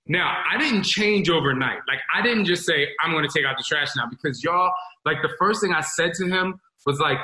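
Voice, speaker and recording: Forties male host, bright slightly high voice, candid motivational rambler, echoey room. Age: 40s. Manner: rambling, confessional, addresses listeners as y'all. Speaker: self-improvement talk host. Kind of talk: candid motivational talk to an audience. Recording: roomy echo.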